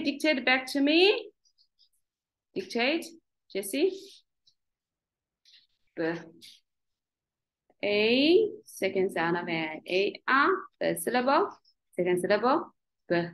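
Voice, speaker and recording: A woman's voice: fairly high pitch, a bit bright, low-quality recording. A woman tutoring a child in spelling, patiently sounding out letters and syllables one by one. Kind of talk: one-on-one phonics lesson.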